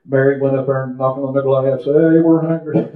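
Recorded at a church service with echoey, big-room sound squeezed thin as though over a phone line, a man delivers a fervent testimony sermon. His medium-pitched voice is flat and fairly quick, yet climbs as he prays aloud and drifts into folksy storytelling.

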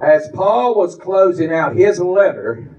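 High-voiced preacher, shouting with fervor. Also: male voice, slow, heavy background noise. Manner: shouting, laughing and near tears with excitement. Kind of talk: fervent revival sermon. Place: church sanctuary. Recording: echoey church, distant, dull, crowd.

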